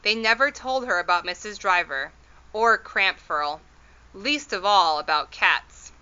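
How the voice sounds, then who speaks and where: A woman's voice: medium pitch, expressive, a little slow, sharp tone, clean tone, highs cut off. Woman voicing a rambling old borrower father. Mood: explaining. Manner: rustic ungrammatical speech, rambling and reassuring. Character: elderly tiny male borrower, plain-spoken father. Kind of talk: storybook read-aloud.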